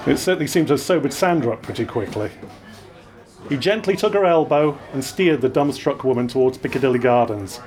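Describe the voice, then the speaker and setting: A man reading a story aloud to an audience, with wry, expressive narration. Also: mid-range voice, a little fast. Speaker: reader. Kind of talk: live reading of his own story.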